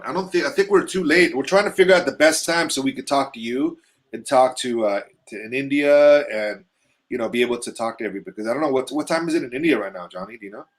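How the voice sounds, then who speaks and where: A man chats loosely on a live stream, slightly high-pitched and stuffy from allergies. He rambles through shout-outs and swears freely, keeping the talk casual. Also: a little fast. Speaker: host.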